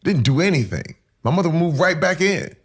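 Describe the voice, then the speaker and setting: A man in his forties telling a painful personal story in rough, casual speech that builds to loud intensity. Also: fairly high pitch, sing-song, fairly quick.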